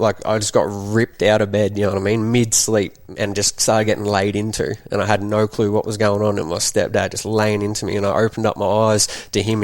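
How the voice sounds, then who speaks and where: Man, podcast guest, candid and rambling storyteller, lowish voice, dry close sound. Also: no echo. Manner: rambling, often adds "you know what I mean".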